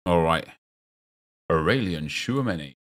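A lively gaming streamer with a low, unhurried voice gives live commentary while opening game packs. He's chatty, reads the chat aloud, and gets loud and excited when he lands good pulls.

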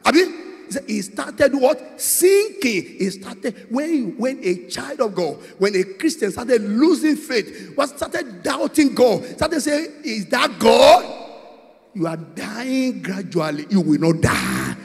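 A Nigerian man preaching a sermon, moving between quiet storytelling and shouted prayer, with call-and-response questions to the congregation. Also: very high voice, huge pitch swings, slow, vocal fry, in a large hall. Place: large church with long reverb.

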